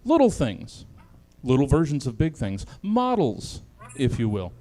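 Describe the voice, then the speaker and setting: Laughing comedy host with lively pitch. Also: male voice, unhurried. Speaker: comedy panel show host. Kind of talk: loose comedic hosting.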